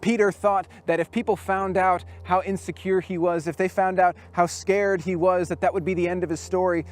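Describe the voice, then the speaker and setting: A man giving a storytelling sermon at a youth camp, dropping his voice low and soft for quoted words.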